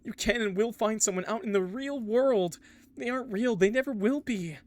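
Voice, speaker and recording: A man's voice: high-pitched, normal speed, a little mellow, voice pushed up, natural voice. A man doing a frantic trapped game character. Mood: frantic pleading. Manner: desperate, urgent pleading.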